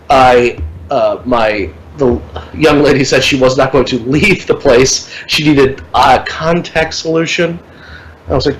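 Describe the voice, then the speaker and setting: A man in casual podcast chat, telling a long story with lively energy, swearing freely and putting on voices for the people in it. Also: mid-range voice, poor audio.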